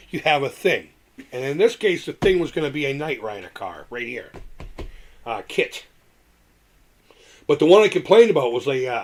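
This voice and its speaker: A middle-aged man hosting a casual live stream, talking in a loose, rambling way with restarts and small chuckles. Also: mid-range voice.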